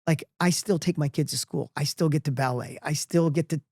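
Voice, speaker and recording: A middle-aged man telling a personal story as a podcast guest, energetic and emphatic, often restarting his sentences. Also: fairly high pitch, brisk, no room sound, clean studio sound.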